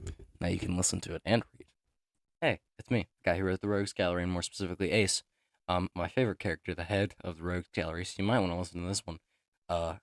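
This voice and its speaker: A man reading his own character bios aloud in a casual, halting way full of fillers, through an overdriven mic. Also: low-pitched, no room sound, studio quality. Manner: halting, filler-heavy, self-deprecating. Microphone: clipping, overdriven mic.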